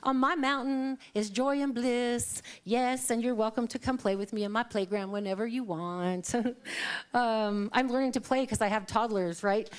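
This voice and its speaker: A woman's voice: on the high side, a little slow, clean tone. A middle-aged woman giving a conversational sermon, telling personal stories, acting out quoted dialogue and laughing often. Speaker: guest speaker at a Sunday service.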